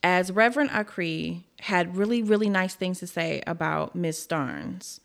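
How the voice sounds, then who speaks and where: A woman's voice: fairly low pitch, unhurried, vocal fry. A woman hosting a casual true crime podcast, telling the case bluntly with frank, profane asides.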